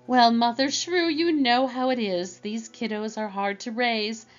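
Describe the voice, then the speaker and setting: A woman's voice: fairly high pitch, fairly even intonation, measured pace, lo-fi sound, soft background music, pitched above the performer's own voice, close to an everyday voice. A woman voicing a gracious, chatty queen bee who talks like a fellow mother.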